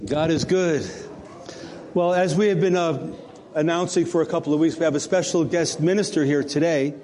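A man's voice: on the high side, steady tone, moderate pace, a little mellow. A man leading church announcements as pastor, chatty and joking with the congregation. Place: church sanctuary. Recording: long hall reverb.

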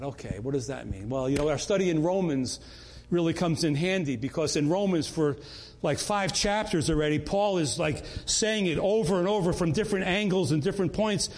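A man's voice: fairly high pitch, animated, brisk, a little mellow. A man leading a Bible study in an earnest, conversational way, often repeating words and restarting.

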